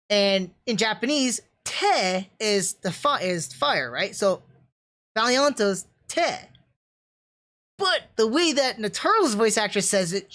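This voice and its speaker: A young woman talking through an anime review on a livestream, excited and chatty, with lots of fillers and restarts. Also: a little high.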